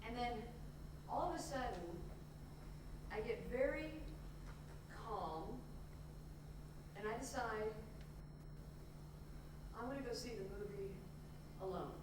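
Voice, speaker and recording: Woman, solo stage monologue, animated and self-mocking, fairly high voice, distant mic in a very echoey theater. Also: slow, long pauses, background noise. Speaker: solo performer. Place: theater stage before an audience.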